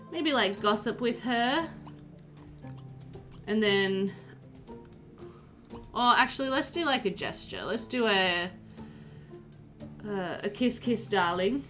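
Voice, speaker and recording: Chatty Australian woman, bright voice. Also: medium pitch. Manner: rambling, chatty, many fillers like "like" and "um". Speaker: game streamer. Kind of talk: casual chat while live-streaming a game.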